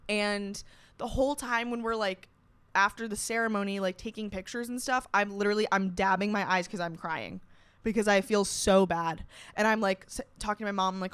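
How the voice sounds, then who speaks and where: A woman's voice: a little high, lively intonation, moderate pace, bright, forceful tone, smooth, no echo. A young woman hosting a podcast, telling a story in a casual, profane, self-mocking way. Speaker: podcast host.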